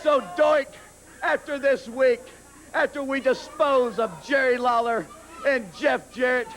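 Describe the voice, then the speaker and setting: A man's voice: very high-pitched, fairly even intonation, measured pace, fairly bright tone. A young man, cutting an arrogant, sneering wrestling promo. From Southern US.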